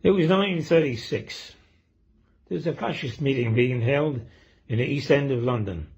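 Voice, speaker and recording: A man's voice: mid-range voice, moderate pace, a little mellow, breathy edge. A man telling comic anecdotes and reading a short poem, with a rambling delivery full of ums and uhs. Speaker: comedian and poet. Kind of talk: joke telling and poetry reading. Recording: dull lo-fi recording.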